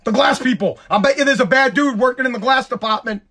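Hoarse, high-voiced man ranting. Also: fast, pushed and bright. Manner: heated, profane, repetitive ranting. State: hoarse, voice nearly gone. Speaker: podcast host. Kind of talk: ranting podcast monologue.

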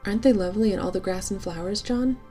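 A woman voicing a gentle young mother on a country walk, who speaks fondly and reassuringly to her family. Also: medium pitch, quick pace, soft background music, natural voice. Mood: fond, cheerful. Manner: fond and reassuring.

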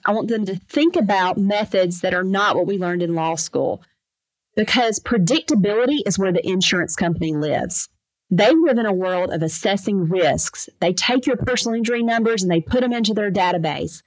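A woman lawyer telling lively anecdotes in a casual interview, acting out the voices of the people in her stories. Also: mid-range voice, no room sound, poor audio. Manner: animated, fast anecdotes with lively quoted voices. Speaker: trucking lawyer, podcast guest.

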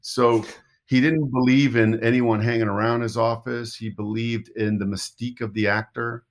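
A man's voice: mid-range voice, little pitch movement, moderate pace. A middle-aged man, an actor, telling rambling anecdotes in a casual interview, often restarting his sentences. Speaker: actor guest.

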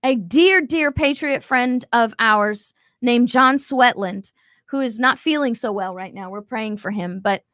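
A woman's voice: on the high side, unhurried, a bit bright, no room sound. A woman hosting a commentary show, talking emphatically and acting out quotes as she reacts to a video. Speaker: show host.

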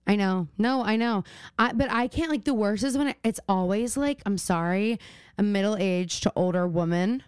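A woman's voice: medium pitch, normal speed, a little mellow, clear, resonant tone, dry recording, studio quality. A young woman co-hosting a podcast in casual chat, ranting animatedly and swearing often. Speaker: podcast co-host.

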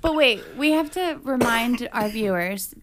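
Woman, co-host, casual chat, chatty asides, fairly high pitch. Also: expressive, measured pace, background noise. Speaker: podcast co-host. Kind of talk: casual chat recapping a movie.

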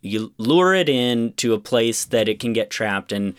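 A man co-hosting a podcast rants about a film in a casual chat, his mid-range voice expressive, a little slow, and clean in tone. He swears a lot and sounds exasperated.

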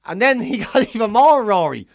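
A man's voice: very high-pitched, big pitch swings, moderate pace, creaky, dry recording, studio quality. A man in his forties with an Irish accent, ranting and swearing through a story in casual podcast chat. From Ireland. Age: 40s. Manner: ranty, swearing, acts out quotes. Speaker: podcast co-host.

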